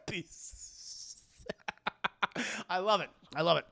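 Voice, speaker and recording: Man reviewing a film on stream, gravelly, bright, crude and rambling. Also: high-pitched, wildly swooping pitch, takes it slowly. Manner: crude, profane, laughing, rambling. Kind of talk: casual spoiler film review.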